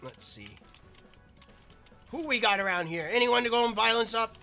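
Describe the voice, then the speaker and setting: A man's voice: very high-pitched, normal speed, pushed and bright, faint music behind. A man giving rambling, chatty commentary while playing a video game. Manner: rambling, chatty, self-interrupting. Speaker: gaming video creator. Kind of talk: casual gameplay commentary.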